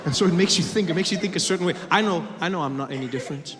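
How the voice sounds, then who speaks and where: Animated stand-up comedian in a big hall. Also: male voice, a little high, racing, noisy background. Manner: animated, self-mocking storytelling. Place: large theater on stage. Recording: echoey hall with loud crowd. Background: audience laughter.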